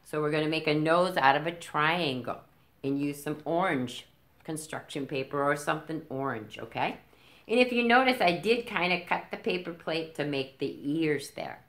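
A woman's voice: low voice, normal speed, a bit bright, echoey room. A woman hosting a library story time, patiently walking children through a craft step by step and checking in with them as she goes. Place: library room.

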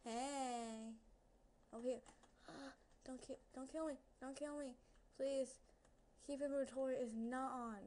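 A woman's voice: sits high, steady tone, a little slow, dark tone. A young woman giving casual gameplay commentary into a headset at home, nervous and chatty, talking to creatures in the game and to her viewers. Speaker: gaming video creator.

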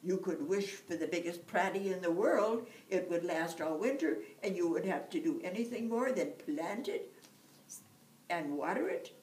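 A woman's voice: expressive, moderate pace, a little mellow, far from the mic, a little hiss or hum, lightly acted. A woman voicing a small, clever male leprechaun who pleads and coaxes, recorded from afar in an echoey room. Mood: coaxing. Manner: high, pleading, crafty.

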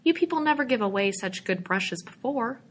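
A woman's voice: a little high, animated, moderate pace, voice pushed up. A woman reading as a kindly older mother.

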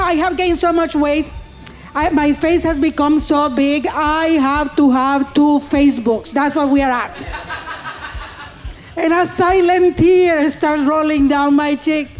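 A woman stand-up comedian, telling stories with animated acted-out voices. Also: high-pitched. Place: comedy stage.

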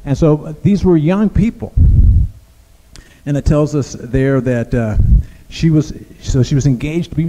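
A male pastor talks his way through a sermon in plain, conversational speech, stopping and restarting often. His voice sits a little high but sounds mellow and dark. A long reverb from the church sanctuary trails behind him. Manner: conversational, halting, many restarts.

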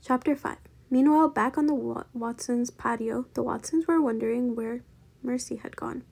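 A woman reading a children's chapter book aloud in a steady, gentle storytelling manner. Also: fairly high pitch, normal speed, creaky, breathy edge. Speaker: storybook reader.

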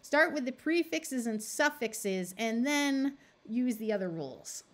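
Slow, explaining woman tutor. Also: a little high, lively intonation. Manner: slow, explaining, sounds out words. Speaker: reading tutor. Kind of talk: phonics lesson.

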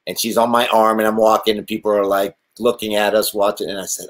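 A man with a fairly low voice talks as a guest in a casual interview. He tells stories in an animated, rambling way, restarting his sentences often. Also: fast, few pauses. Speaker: actor, guest.

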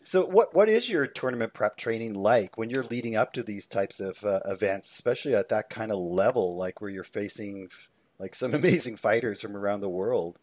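A man's voice: lowish voice, normal speed, darkish tone. A man hosting an interview, asking questions and encouraging his guest with short remarks. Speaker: podcast host. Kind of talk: casual interview chat.

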